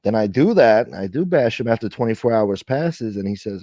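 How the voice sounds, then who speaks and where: A man's voice: lowish voice, animated, moderate pace, hardly any pauses, dark tone, dry recording, lo-fi sound. A man hosting a casual livestream chat, ranting with profanity and thanking viewers for donations. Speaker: livestream host.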